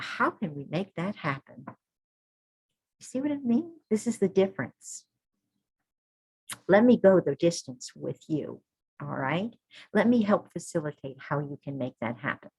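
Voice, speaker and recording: Low, husky woman giving a heartfelt talk. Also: a little mellow, rough recording. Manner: earnest, repeats "all right" and "okay". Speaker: birth keeper. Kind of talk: informal talk to an audience.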